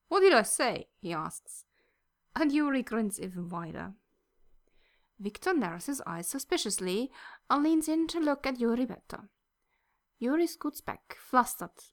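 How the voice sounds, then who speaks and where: A woman narrating a fan fiction story in a soft, gentle reading voice that at times drops close to a whisper. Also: fairly high pitch.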